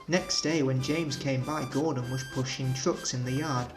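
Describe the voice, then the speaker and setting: A man's voice: mid-range voice, steady tone, normal speed, hardly any pauses, faint music behind, low-quality recording. Man reading a children's story. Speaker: narrator.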